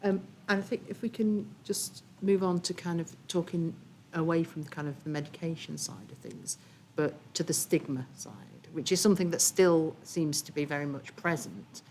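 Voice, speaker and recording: A woman moderating a panel, asking questions tentatively and gently. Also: sits low, animated, normal speed, hardly any pauses, slight background noise. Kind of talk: moderating a discussion.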